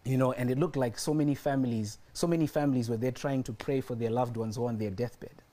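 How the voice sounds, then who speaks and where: A man's voice: medium pitch, steady tone, quick pace, dark tone. A man preaching a sermon and telling a personal story, repeating his phrases for emphasis.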